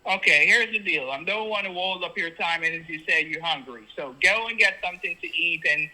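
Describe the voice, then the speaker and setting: A man's voice: a little high, fairly quick, pushed and bright. A man with a Jamaican accent on a phone call, insistently repeating instructions in broken grammar. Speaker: phone scammer.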